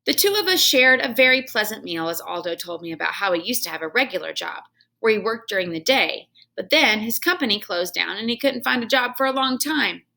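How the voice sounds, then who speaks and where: A woman's voice: medium pitch, a little fast, vocal fry. A woman reading a children's book aloud at home, telling it expressively as a storyteller. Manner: expressive storytelling with home asides to her son. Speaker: reader.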